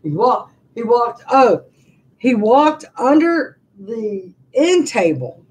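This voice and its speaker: A woman's voice: on the high side, big pitch swings, takes it slowly, a little mellow, slightly rough. Chatty woman in her sixties rambling. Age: 60s. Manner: rambling, chatty storytelling with many restarts. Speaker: vlogger. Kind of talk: casual live-stream chat. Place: her living room at home.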